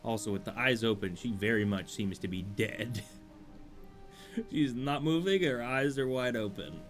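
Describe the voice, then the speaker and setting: A man's voice: medium pitch, measured pace, faint music behind. A man streaming a video game, giving rambling, wry commentary that easily drifts off topic. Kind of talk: let's play commentary.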